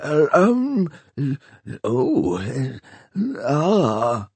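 A man's voice: on the high side, lively intonation, takes it slowly, darkish tone, breathy edge, dry recording, pitched above the performer's own voice, heavily acted. A man voicing a flustered, bumbling elderly male art historian who stammers through many fillers.

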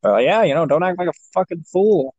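A man's voice: high voice, animated, a little fast, a little mellow, breathy edge, dry recording, dull audio. A young man chatting casually, telling a long rambling story with lots of swearing and fillers. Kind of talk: casual chat.

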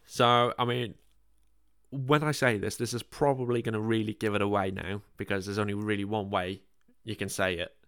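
A man's voice: on the low side, fairly even intonation, normal speed, a bit bright, clear, resonant tone, no echo, studio quality. A man with a northern English accent hosting a casual podcast chat, self-deprecating and full of ums. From northern England. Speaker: podcast host.

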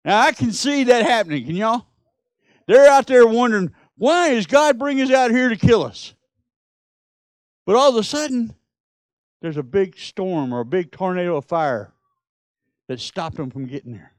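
Male pastor, middle-aged, high clear voice, dry close sound, storytelling sermon with loud emphatic peaks. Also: lively intonation, normal speed, pauses often, no room sound.

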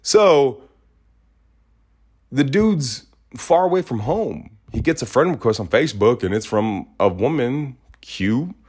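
A man's voice: medium pitch, expressive, slow pace, darkish tone, slightly rough. A man hosting a podcast, talking in a casual, heated rant, blunt and full of swearing. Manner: profane, indignant, blunt. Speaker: podcast host.

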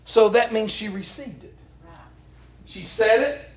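A middle-aged man preaching a sermon, folksy and impassioned, calling for the congregation's answers and rising to shouts. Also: high voice, slow, reverberant. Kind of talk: sermon with call and response. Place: church.

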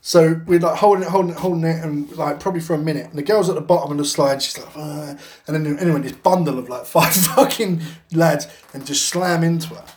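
Bloke, bit high pitched, rambling podcast story full of swearing and laughs. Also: male voice, fast talker, darkish tone, slight background noise. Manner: heavy swearing, rambling anecdote, laughing through it. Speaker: podcast co-host. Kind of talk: casual storytelling chat.

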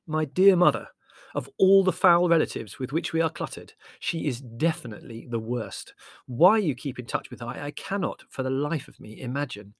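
A man's voice: medium pitch, lively intonation, normal speed, dry recording, clean studio sound, voice pushed up. A man voicing a sardonic, theatrical young writer who talks dramatically and sarcastically. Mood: exasperated.

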